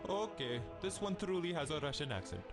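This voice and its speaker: Here is a prickly rival game program that predicts doom. It speaks formally and melodramatically, in a high voice with a swinging pitch. Game music plays behind it. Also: male voice, sing-song, a little fast. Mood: melodramatic.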